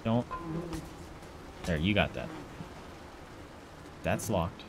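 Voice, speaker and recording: A man's voice: low voice, lively intonation, extremely slow, background noise. A man giving casual horror game commentary, joking, easily spooked and chatting to objects in the game. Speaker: let's play gamer.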